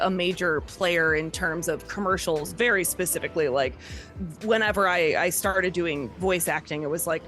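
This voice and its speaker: A woman's voice: fairly low pitch, a bit bright. A woman from the Chicago area, a voice actor chatting casually as a podcast guest and saying "like" a lot. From Chicago area, USA. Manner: chatty, lots of "like".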